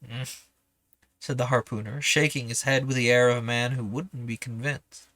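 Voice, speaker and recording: Bright-voiced man reading a novel aloud. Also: mid-range voice, steady tone, fairly quick, no echo. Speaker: audiobook reader.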